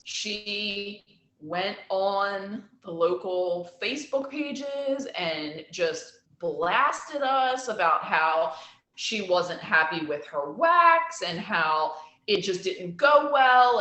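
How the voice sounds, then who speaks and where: A woman's voice: mid-range voice, pushed and bright. A woman who runs a salon, telling stories in a blunt, profane, casual chat. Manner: blunt and profane, storytelling with acted quotes. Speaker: salon owner and esthetician. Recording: roomy echo.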